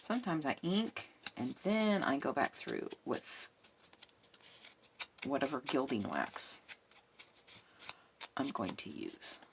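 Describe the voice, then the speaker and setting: A woman quietly talking herself through a craft project, muttering and joking at herself as she works. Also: very deep voice, wildly swooping pitch, slow, vocal fry, pauses often, a little hiss or hum. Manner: soft-spoken, muttering to herself, self-deprecating. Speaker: crafting video host. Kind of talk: casual narration while crafting.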